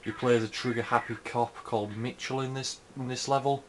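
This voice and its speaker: Soft-spoken young man narrating gameplay. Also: mid-range voice, steady tone, a little fast, a little hiss or hum, low-quality recording. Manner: talking softly so as not to wake someone. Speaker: gamer recording gameplay commentary. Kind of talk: quiet casual gameplay commentary. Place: indoors at home.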